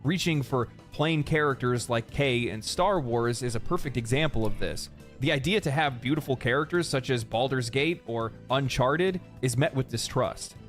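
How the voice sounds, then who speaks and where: A man reading an article aloud in a flat, measured way. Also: mid-range voice, faint music behind, natural voice.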